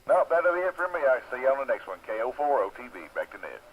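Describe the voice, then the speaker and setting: A man's voice: medium pitch, sing-song, fast, highs cut off, a crowd in the background. A man checking into an amateur radio net, chatting casually and agreeably. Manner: easygoing and agreeable. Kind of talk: casual ham radio chat.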